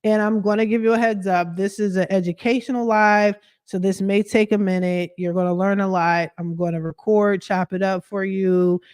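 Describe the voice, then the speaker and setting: A woman's voice: medium pitch, fairly even intonation, moderate pace, hardly any pauses, a little mellow, clean tone, dry recording, studio quality. A woman, a credit expert, livestreaming from her living room at home and chatting animatedly as she multitasks through a story.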